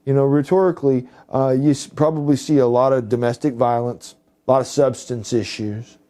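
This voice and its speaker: A man's voice: medium pitch, steady tone, fairly quick, mellow. A man presenting to police officers in a recorded talk, rambling, with many fillers and restarts. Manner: rambling, heavy with "you know" and restarts. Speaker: presenter for a healing services group.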